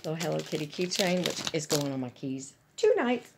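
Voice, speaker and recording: A woman's voice: low voice, big pitch swings, brisk, creaky, background noise. A woman chatting casually and gushing to her viewers about gifts she is unboxing. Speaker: vlogger.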